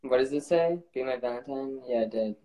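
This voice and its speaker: A young man in his teens giving brief, flat replies in a casual live-stream chat. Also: mid-range voice, brisk, rough recording. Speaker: livestream guest.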